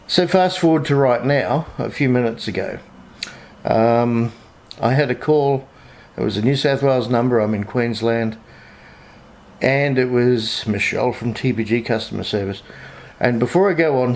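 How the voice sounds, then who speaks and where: An Australian man speaks straight to camera in a casual vlog update. He tells his story with indignation and retells each phone exchange in his own plain voice. His pitch sits in the ordinary middle range for a man. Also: moderate pace. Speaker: vlogger.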